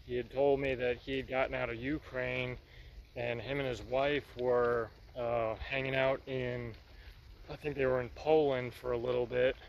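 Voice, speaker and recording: A man's voice: medium pitch, level tone, normal speed, vocal fry, muffled recording, a little hiss or hum. A man talking casually about his project in a workshop vlog, rambling and folksy. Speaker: vlogger.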